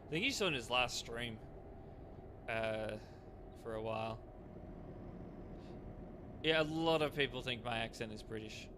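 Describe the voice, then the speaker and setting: A man's voice: medium pitch, animated, unhurried, pauses often, background noise. A man live-streaming a driving game, chatting casually with viewers and reading their messages aloud between frequent fillers.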